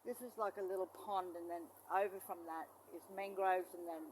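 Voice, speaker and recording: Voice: steady tone, fairly quick, slight background noise. Agitated rambling vlogger outdoors. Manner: agitated, rambling and profane, swinging between loud outbursts and low muttering. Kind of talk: rambling handheld vlog monologue. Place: outdoors beside a parked van near mangroves.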